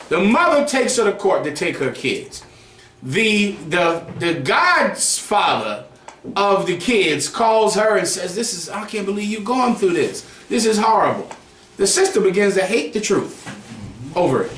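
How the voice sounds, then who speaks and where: A man's voice: high voice, big pitch swings, unhurried, a bit bright, roomy sound, slight background noise. A man preaching to a group in a heated, mocking way, swearing freely. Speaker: group teacher. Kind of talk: street preaching.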